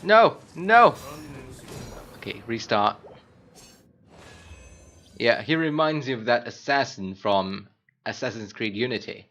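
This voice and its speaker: A man commentating live on his own gameplay, chatting casually and bursting into loud screams and laughs at the game. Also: medium pitch, a little slow, long pauses, dull audio. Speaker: game streamer.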